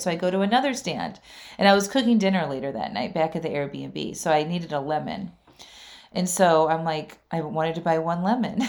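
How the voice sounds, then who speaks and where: A woman in her forties with a somewhat low voice tells a personal story the way she would to a friend. Her talk is loose and full of asides to listeners. She breaks into laughter now and then. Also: a little mellow. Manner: chatty, lots of fillers and asides to listeners; laughs often mid-sentence.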